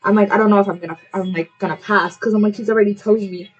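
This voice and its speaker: Faint music plays behind lo-fi sound as a young vlogger, her mid-range voice steady and breathy-edged, tells a story while getting ready at home. She rambles, says "like" over and over, interrupts herself, is quick to apologize, and makes chatty asides to the camera.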